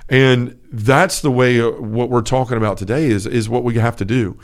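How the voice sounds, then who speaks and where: Earnest and casual, a man co-hosting a Catholic podcast recounts something from his own life, often backing up to restart. He talks at a moderate pace in a steady, mid-range voice, and the conversation is an easygoing one about faith.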